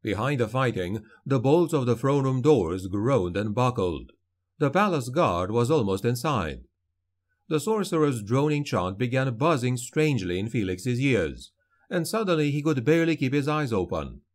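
A man's voice: medium pitch, big pitch swings. Dramatic male fantasy narrator. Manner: dramatic, measured storytelling. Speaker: audiobook narrator.

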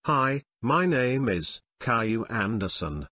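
A man's voice: medium pitch, sing-song, slow pace, bright, forceful tone, husky, no echo, heavily acted. A man playing a scheming restaurant chef.

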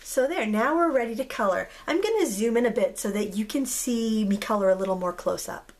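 Craft tutorial host: woman, 30s, slightly hoarse, chatty and relaxed, faint noise behind. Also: on the high side, brisk. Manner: chatty, relaxed, frequent ums. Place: indoors at a craft table.

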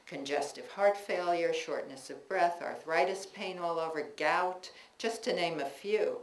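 At a live reading in a bookstore, a female author delivers her memoir at a measured pace, her voice on the low side. She tells it wryly and expressively, breaking into warm laughter, and the spacious indoor acoustics carry faint background noise.

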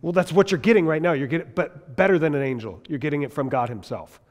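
A man teaching a Bible class in a lively, conversational way, asking his listeners questions as he goes. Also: on the high side, quick pace, big-room sound. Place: large classroom or hall.

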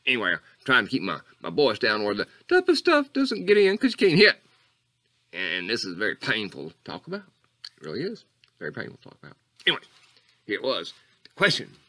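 An eccentric, rambling coach character, played by a man in a comedy monologue. His pitch swings wildly from squeaky highs to low mutters as he wanders off topic. The tone stays bright and pushed throughout. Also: wildly swooping pitch, fairly quick, exaggerated voice.

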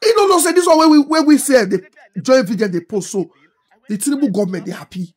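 Husky Nigerian-accented woman ranting fervently. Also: high voice, fast. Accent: Nigerian Pidgin English. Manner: animated, scolding, rhetorical questions. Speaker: social media commentator. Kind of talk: impassioned political commentary.

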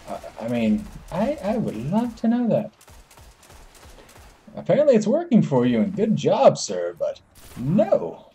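A man hosting a gaming channel, giving jokey, rambling commentary and letting out excitable yelps as he plays. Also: on the high side, a little slow, creaky, breathy edge. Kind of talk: gameplay commentary.

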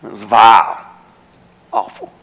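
A man's voice: lowish voice, huge pitch swings, unhurried, a bit bright, rough recording. Earnest evangelist man. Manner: folksy, earnest, building to solemn warning. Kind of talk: storytelling revival sermon. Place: church sanctuary.

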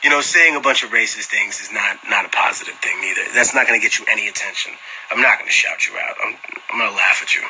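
A man's voice: lowish voice, fast talker, slight background noise, low-quality recording. A man answering fans on a phone livestream in casual talk. He tells profane stories with lots of energy and laughs often. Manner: animated, profane storyteller who laughs often. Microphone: phone camera.

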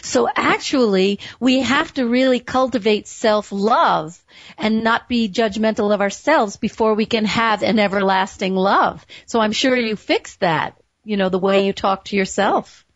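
A woman's voice: medium pitch, a little slow, no echo, dull audio. A woman hosting a radio talk show, speaking in an effusive way and laughing often. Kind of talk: casual interview chat.

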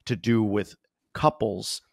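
A man's voice: on the low side, steady tone, slow pace, gravelly, a little mellow, no echo, studio quality. A man hosting a podcast interview, thinking aloud with restarts as he asks questions. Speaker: podcast host.

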